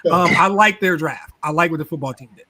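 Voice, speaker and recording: A man with a somewhat high speaking voice breaks down a football draft in casual podcast talk. He gets animated, laughs often and stumbles over repeated words as he builds his case. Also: fairly quick. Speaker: sports talk show regular. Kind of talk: casual sports podcast chat.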